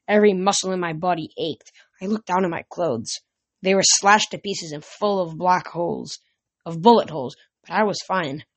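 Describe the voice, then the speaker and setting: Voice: mid-range voice, moderate pace, dry recording. An amateur reader casually reading a novel aloud, often tripping over words and correcting them. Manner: stumbles and corrects words mid-sentence.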